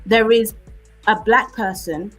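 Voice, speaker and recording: A woman with a British accent, arguing forcefully on a live-stream debate and often asking "okay?". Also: medium pitch, takes it slowly, soft background music, poor audio. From United Kingdom.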